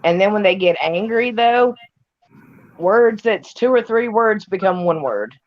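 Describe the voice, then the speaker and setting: A woman's voice: mid-range voice, animated, a little slow, slight background noise. Tennessee woman on a dull video call. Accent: Tennessee Southern. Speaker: livestream guest. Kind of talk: casual chat.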